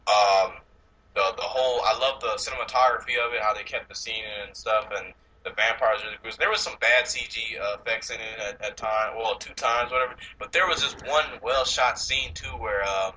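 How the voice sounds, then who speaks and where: Bright-voiced man swearing in casual chat. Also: on the low side, fairly even intonation, brisk, a little hiss or hum, poor audio. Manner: rambling, swears a lot, laughs often. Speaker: podcast co-host. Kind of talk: casual chat about movies.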